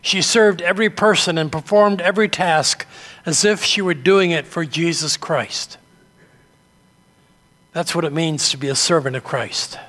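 An older man from New England delivers a sermon, moving from story to story in a measured, earnest manner. His voice sits fairly high for a man. It carries a long reverb from a large hall. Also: a bit bright. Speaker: pastor.

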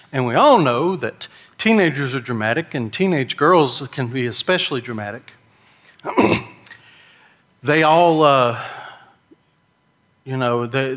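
A man's voice: medium pitch, a bit bright, big-room sound. A middle-aged man, preaching a sermon in a folksy storytelling way and mimicking characters' whining voices. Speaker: pastor.

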